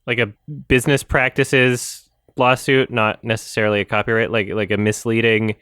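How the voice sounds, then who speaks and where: A man's voice: on the low side, level tone, normal speed, a bit bright, clean tone, no room sound, studio quality. A man hosting a podcast in casual chat, rambling and swearing, often correcting himself mid-sentence. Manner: rambling, profane, self-correcting. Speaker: podcast host.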